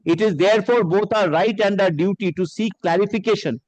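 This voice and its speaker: A man with a high-pitched voice and makes a courtroom argument, reading documents aloud to the bench with deference. The sound is dry and close, with no room reverb. He addresses the court with steady formality. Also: brisk. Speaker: advocate.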